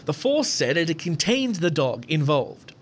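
A man putting on a British accent to play a formal male newsreader, reading slowly and evenly. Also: a little high, sing-song. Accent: British, put on.

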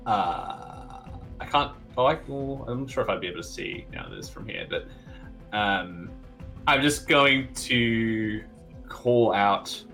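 A man's voice: lowish voice, big pitch swings, slow, creaky, pushed and bright, low-quality recording. Guy playing d&d, kinda unsure, voice moves around a lot, faint music. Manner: hesitant, lots of fillers. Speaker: player. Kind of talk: playing a tabletop game.

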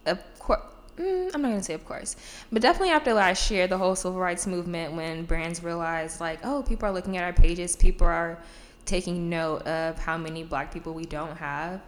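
A woman co-hosting a podcast in casual chat, talking in an animated way, laughing often and swearing freely. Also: on the low side, a little fast. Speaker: podcast co-host. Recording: echoey room with faint background noise.

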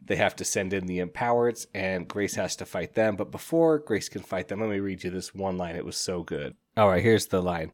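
A man's voice: low-pitched, fairly quick, few pauses. A man hosting a solo podcast, talking casually and enthusiastically in a rambling way, often acting out characters. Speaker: podcast host, book reviewer.

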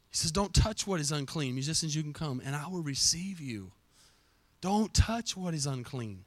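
A man preaching a sermon to his church, impassioned, swinging from soft reflection to near-shouted, chanted exhortation. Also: fairly high pitch, expressive, moderate pace. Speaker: pastor. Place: church sanctuary.

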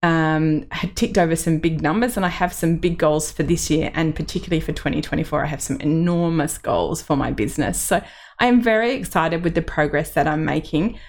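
Casting: middle-aged woman, low voice, candid solo podcast host. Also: a little fast. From Australia. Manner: candid and personal, with laughs and fillers.

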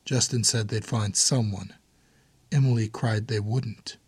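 A man reading a story aloud in steady, measured audiobook narration. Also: fairly low pitch, breathy edge, no echo.

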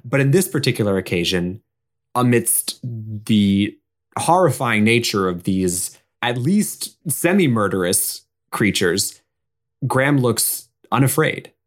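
A man's voice: lowish voice, lively intonation, slow pace. A man playing a tabletop role-playing game, narrating his character's actions in a casual, rambling way. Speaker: player.

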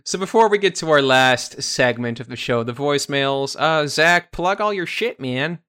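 A man co-hosting a casual podcast with an easygoing way of moving the show along. His voice is bright and smooth. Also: on the high side, expressive, moderate pace. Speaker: podcast co-host.

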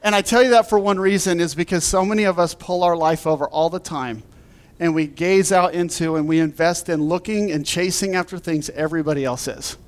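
Animated pastor man, higher voice. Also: brisk. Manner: animated storyteller, laughs through his anecdotes. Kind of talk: sermon with a humorous personal story.

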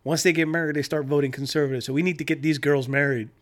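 A man's voice: on the high side, fairly even intonation, fast talker. A man co-hosting a podcast, chatting casually and profanely and mocking politicians in put-on voices. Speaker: podcast co-host. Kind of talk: casual chat.

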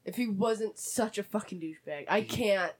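A woman's voice: mid-range voice, moderate pace. A woman in casual chat, making brief, laid-back remarks.

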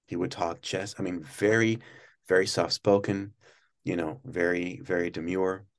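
A man being interviewed, telling long, rambling stories about his work at a TV studio and breaking into quick impressions of people. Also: low voice. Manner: rambling, many restarts, animated when mimicking others. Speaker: guest recalling work at a TV studio. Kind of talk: casual interview storytelling.

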